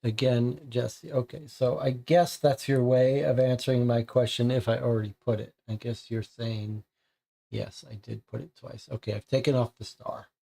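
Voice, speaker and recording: A man hosting a live board game stream, musing over clues at a mid-range pitch. He reads the card text aloud and answers his chat in an easygoing, casual way. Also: little pitch movement, moderate pace, vocal fry, few pauses, warm tone. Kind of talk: live game playthrough, reading cards and chat.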